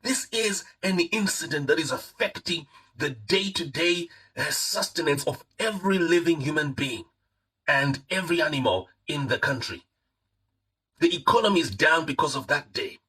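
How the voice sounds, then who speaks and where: A Zimbabwean man delivers heated live-stream commentary, hammering his points home and slipping into Shona phrases. His fairly high voice is husky and forceful, with a tense, pushing edge. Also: expressive, normal speed, rough recording. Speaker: online political commentator.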